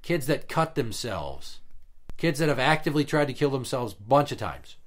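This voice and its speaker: A man's voice: medium pitch, big pitch swings, normal speed. A man in casual podcast chat, venting about an old job in a blunt, profane way, with heated emphasis. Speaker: podcast guest telling work stories.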